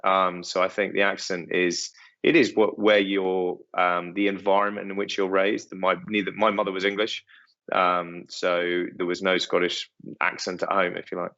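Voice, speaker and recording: Deep, flat-voiced hesitant man. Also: normal speed, vocal fry. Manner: hesitant, full of ums and restarts. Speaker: estate owner, interview guest. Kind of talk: interview answer. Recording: dull lo-fi sound.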